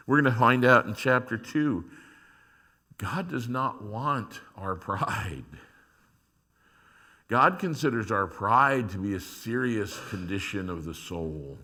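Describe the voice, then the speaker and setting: A man preaching a sermon as a pastor, shifting from quiet reflection to loud emphasis. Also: on the low side. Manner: acts out prayers and complaints to God in dramatic voices.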